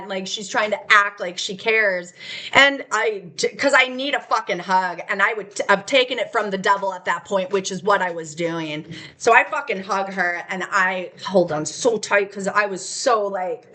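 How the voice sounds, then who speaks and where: A woman's voice: medium pitch, moderate pace, sharp tone. A woman telling her personal story in an unscripted vlog, agitated and profane, rambling with restarts and wry laughter. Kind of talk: raw unscripted personal testimony.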